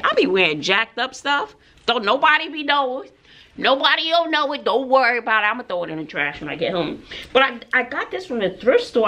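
Animated, expressive woman vlogger. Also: a little high. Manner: playful, exclaims and laughs a lot. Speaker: vlogger showing her outfit. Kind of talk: casual chatty vlog.

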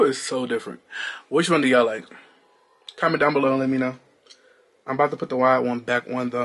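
A man's voice: mid-range voice, fairly even intonation, a little fast, long pauses, fairly bright tone. A man chatting casually to viewers in a vlog, talking straight to them and exclaiming often. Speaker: vlogger. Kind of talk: casual vlog chat to camera.

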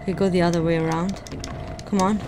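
A woman giving let's-play commentary on a horror game, jumpy and excitable, often gasping and exclaiming. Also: on the low side, fast talker. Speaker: gaming streamer. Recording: game audio and music mixed in.

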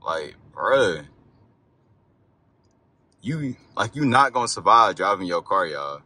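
A young man's low voice is very animated yet slow-paced, bright and forceful with a breathy edge. He rambles loosely in a casual driving vlog filmed at night, cursing and yelping whenever the car hits a bump; faint car noise is audible.

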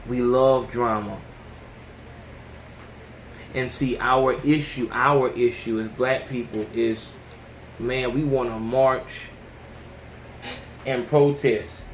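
A man hosting a podcast, ranting casually and with plenty of profanity, who often jumps into high yelling voices to mimic people. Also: fairly even intonation, slow, long pauses, roomy sound, a little hiss or hum. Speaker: podcast host. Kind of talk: casual opinion rant.

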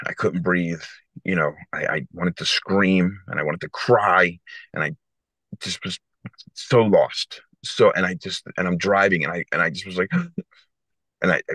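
A man in his forties from South Philadelphia, a podcast guest telling an emotional personal story in an earnest, halting way with many restarts. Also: low voice, fairly bright tone, dry recording. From South Philadelphia, USA. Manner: earnest, halting, repeats himself.

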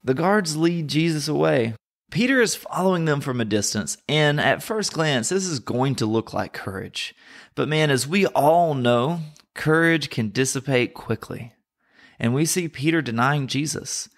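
A man's voice: fairly high pitch, expressive, a little slow. Southern American man teaching scripture. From North Carolina, USA. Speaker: podcast host and Bible teacher.

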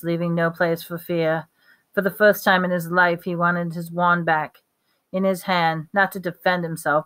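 A woman's voice: on the low side, a bit bright. A woman reading a novel aloud, now and then stumbling and correcting her words. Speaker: reader.

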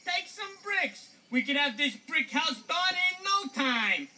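A woman's voice: high-pitched, very animated, a little slow, sharp tone, distant mic, heavily acted. A woman voicing a sensible, bossy little pig in a children's puppet show, emphatic and insistent.

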